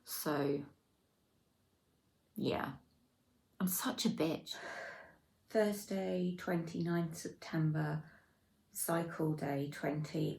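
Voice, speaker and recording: A woman with a low voice talks in a personal video diary. She sounds tired and subdued, and her speech is hesitant and halting, with frequent pauses and restarts. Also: darkish tone. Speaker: video diarist.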